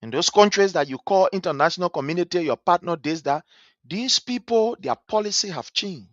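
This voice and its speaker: A man's voice: high-pitched, expressive, fairly quick, no echo, dull audio. A man with a Liberian English accent giving impassioned, scornful political commentary, repeating his points with fire. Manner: fiery, scornful, repetitive.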